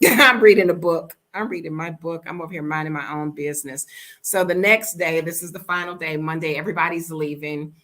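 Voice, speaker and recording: An American woman with a deep voice tells a story briskly for a casual storytime vlog. She's blunt and animated, acting out the quoted dialogue.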